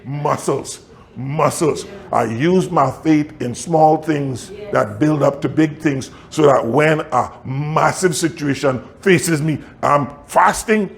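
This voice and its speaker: Animated man preaching a story. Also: fairly high pitch, slow pace, gravelly. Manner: animated, laughs often, acts out quotes. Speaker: pastor. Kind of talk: sermon storytelling.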